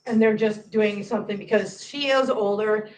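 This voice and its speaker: A woman's voice: mid-range voice, fairly even intonation, normal speed, a little mellow, rough recording. A woman hosting a casual live-stream chat, talking in long rambling runs and repeating herself. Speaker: host of a cat channel live stream.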